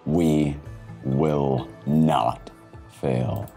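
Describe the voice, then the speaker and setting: Guy doing a deep mentor voice, firm and soothing, kinda mellow tone. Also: steady tone, drawn-out words, faint music behind, exaggerated voice. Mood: reassuring. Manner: low, soothing, firm reassurance. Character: gruff older male mentor, steady and firm.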